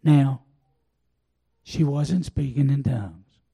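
An older man preaching a sermon, telling a personal testimony in a folksy, drawn-out way. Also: mid-range voice, vocal fry, warm tone, breathy edge. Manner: folksy storytelling, drawn-out pauses. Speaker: pastor.

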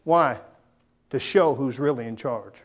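A male preacher giving a sermon in a conversational, folksy way, often dropping to a quiet, emphatic tone. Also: medium pitch, unhurried.

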